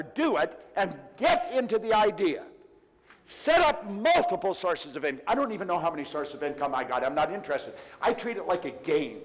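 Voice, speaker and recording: A man's voice: high-pitched, very animated, normal speed. An older man giving an emphatic motivational seminar talk to a live audience, telling stories with retold dialogue. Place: large room before a live audience. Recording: long hall reverb.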